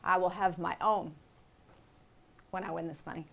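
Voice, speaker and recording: Gravelly, low pirate girl voiced by a woman, scrappy and defiant. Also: steady tone, normal speed, bright, forceful tone, full character voice.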